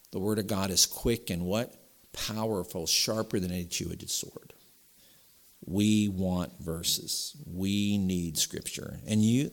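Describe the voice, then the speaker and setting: A pastor delivering a sermon in a somewhat nasal voice, preaching with emphasis and rising louder when he reads scripture. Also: sits low.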